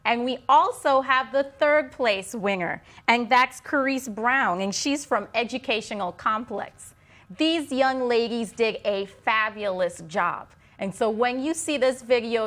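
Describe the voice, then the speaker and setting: A woman's voice: a little high, fairly bright tone. Woman hosting an education show. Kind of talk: broadcast introduction.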